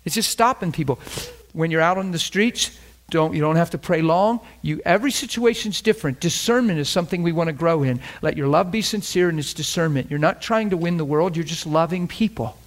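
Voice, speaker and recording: A man's voice: fairly high pitch, a little fast, hardly any pauses. A man preaching a sermon, telling stories and acting out both sides of the conversations. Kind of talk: sermon with acted-out anecdotes.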